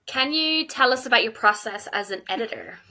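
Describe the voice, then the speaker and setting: A woman's voice: a little high, expressive, brisk, pushed and bright. A woman co-hosting a podcast, asking questions and backing up the guest in a friendly, supportive way. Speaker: podcast co-host. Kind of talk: casual podcast interview.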